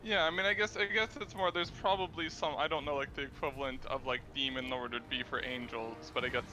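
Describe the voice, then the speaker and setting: A man chatting casually while playing a game, quiet and hesitant, often trailing off. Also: medium pitch, steady tone, brisk, slight background noise, poor audio. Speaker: co-player. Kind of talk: casual gameplay chat.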